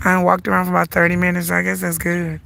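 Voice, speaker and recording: A middle-aged woman with a Southern US accent, congested and hoarse from the flu, chatting and rambling as she walks and livestreams in a park. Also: lowish voice, monotone, fast, background noise. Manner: chatty, rambling, laughs often. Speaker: vlogger. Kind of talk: casual livestream chat while walking. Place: outdoors at a lake park.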